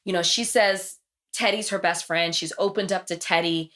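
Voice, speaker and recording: A woman hosting a podcast, retelling TV episodes in casual chat and acting out the quotes. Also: normal speed. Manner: animated storytelling, acts out quotes with big pitch jumps. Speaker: podcast host.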